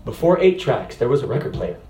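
A middle-aged man preaching a sermon, moving from quiet, chatty asides to loud, shouted preaching. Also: mid-range voice, very animated, a little fast, roomy sound, soft background music.

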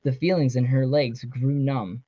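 A man's voice: mid-range voice, steady tone, a little slow, warm tone, breathy edge, dry recording. A man, a guest author, reading his novel aloud earnestly with small stumbles. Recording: dry, slightly dull sound.

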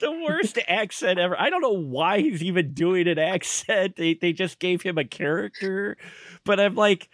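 Man, podcast co-host, casual movie chat, animated delivery, higher pitch, dry sound. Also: moderate pace, no echo. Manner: animated, laughs often while recapping scenes.

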